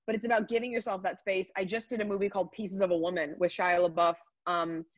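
A comedian in her thirties answers casual interview questions over a video call, chatty and upbeat, speaking quickly with rapid asides. Her voice is medium-pitched with a level tone, picked up by a computer mic, and the audio is dry and dull.

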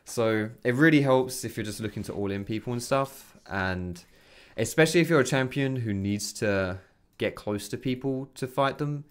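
A man's voice: medium pitch, normal speed, hardly any pauses, smooth. A young man giving loose, chatty commentary on his own gameplay from his bedroom, swearing freely. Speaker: gaming commentator. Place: bedroom at home. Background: keyboard and mouse clicks.

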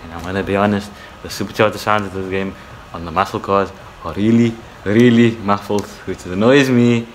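A man's voice: fairly low pitch, fairly even intonation, fairly quick, a little hiss or hum, poor audio. A young man giving casual, rambling commentary while playing a racing game, often swearing and restarting his sentences. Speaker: gamer.

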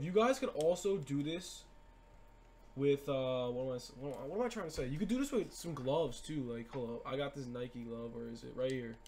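Young man, gaming commentary, hyped and slangy, slightly high voice, faint hum behind. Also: darkish tone. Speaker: gaming YouTuber. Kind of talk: excited gameplay commentary.

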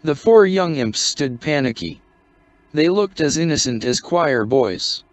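A man reading a short story aloud in a measured, scripted narration. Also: a little high, lively intonation, dry recording. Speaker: audiobook narrator. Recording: dry, dull lo-fi recording.

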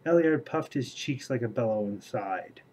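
A man's voice: medium pitch, animated, moderate pace, darkish tone, rough recording. A man hosting a casual book vlog, rambling conversationally and then reading a fantasy chapter aloud. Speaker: book vlogger.

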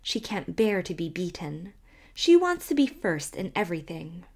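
A woman's voice: lowish voice, sing-song, moderate pace, creaky, a little mellow, full character voice. A woman voicing a prim, gossiping older village woman who disapproves with tolerant, mock-pleasant airs. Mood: disapproving.

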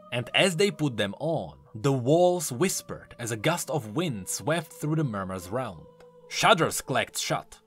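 A man narrates a scripted dark fable with dramatic, expressive delivery. His pitch rises and falls freely from line to line. Soft music plays underneath. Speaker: lore narrator.

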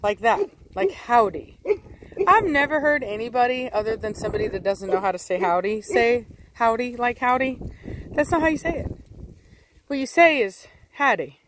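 A woman's voice: fairly high pitch, lively intonation, brisk, low-quality recording. A woman with a Texan accent chatting casually outdoors in a vlog, talking to her dogs. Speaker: dog breeder vlogger. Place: outdoors in a windy yard. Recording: faint wind noise outdoors.

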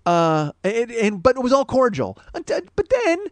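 A man's voice: extremely high pitch, wildly swooping pitch, normal speed, darkish tone, no echo. A man in his forties hosting a comedy podcast, delivering a profane, exasperated solo rant that swings between mock outrage and mumbling. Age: 40s.

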